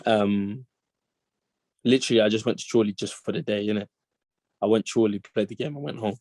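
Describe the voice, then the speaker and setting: A young man telling a story as an interview guest, animated and full of slang, acting out the lines of the people in it. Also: on the low side, brisk, no echo. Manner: animated slang-heavy storytelling, acts out quotes. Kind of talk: casual storytelling chat.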